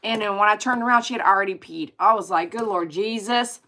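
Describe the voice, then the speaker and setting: Bright-voiced chatty woman. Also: mid-range voice, fast. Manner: chatty, animated, exclaims and reads comments aloud. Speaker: dog groomer hosting a livestream. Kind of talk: casual livestream chat with viewers.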